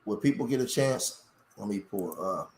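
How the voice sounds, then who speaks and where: A man's voice: lowish voice, lively intonation, moderate pace, a little mellow, slight background noise. A man talking on a live stream, impassioned and rambling, often restarting his sentences. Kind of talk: emotional live-stream talk. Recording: roomy echo.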